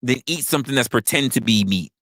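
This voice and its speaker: Brief: male podcast host, loud opinionated rant, profane, repetitive, animated pitch, dead-dry mic. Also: fast talker, dry recording. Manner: profane, emphatic, repeats himself.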